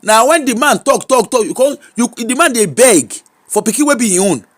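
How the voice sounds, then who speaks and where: A woman's voice: on the high side, expressive, moderate pace. Exclamatory Nigerian woman gossip host. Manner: exclamatory, mixes Pidgin and Yoruba into English. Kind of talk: casual celebrity gossip commentary.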